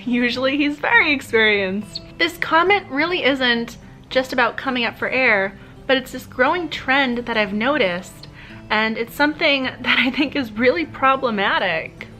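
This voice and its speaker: Bright, high-voiced chatty woman vlogger. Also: animated, moderate pace, faint music behind, rough recording. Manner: chatty and gushing, with time check-ins. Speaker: book vlogger. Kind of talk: casual reading vlog diary. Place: at home.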